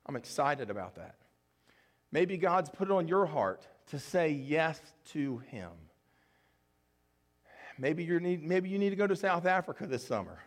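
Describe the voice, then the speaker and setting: Man, pastor, sermon, earnest, emotional, pleading, slightly high voice. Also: sing-song, a little slow, pauses often.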